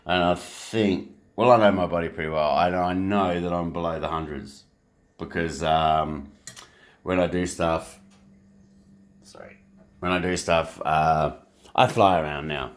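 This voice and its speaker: Low, slow, crude-talking man. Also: steady tone. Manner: rambling, crude, swears a lot. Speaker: vlogger. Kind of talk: casual rambling vlog monologue. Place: home, while making breakfast.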